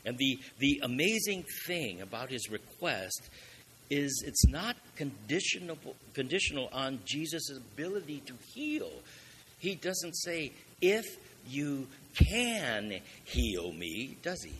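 A man's voice: mid-range voice, big pitch swings, a little slow, fairly bright tone, slight background noise. A man preaching a sermon, asking rhetorical questions and building up with emphatic swells in volume.

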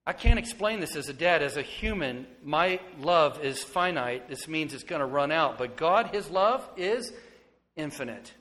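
A man in his forties preaching a sermon as pastor, swinging from hushed, tender moments to loud, excited ones. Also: a little high, moderate pace. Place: church sanctuary. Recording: long hall reverb.

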